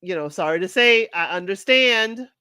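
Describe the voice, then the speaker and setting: A woman's voice: medium pitch, expressive, normal speed, bright, forceful tone, clear, resonant tone, dry recording, studio quality. A woman hosting a casual recap show. She talks straight to her listeners in a chatty, opinionated way. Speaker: podcast host recapping a reality show.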